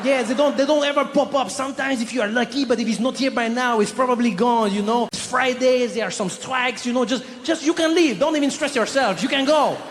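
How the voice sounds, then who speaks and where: A man's voice: very high-pitched, brisk, few pauses, slight background noise, voice pushed up. A man doing a breezy young French airport clerk. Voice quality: breezy, overly friendly, shrugging. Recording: live stage, long hall reverb.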